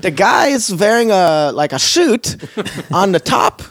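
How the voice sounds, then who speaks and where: A man's voice: high voice, big pitch swings, measured pace, fairly bright tone, no echo, clean studio sound, voice pushed up, full character voice. A man putting on an overly familiar, upbeat Swedish bus driver with a mock Scandinavian accent. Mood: chummy.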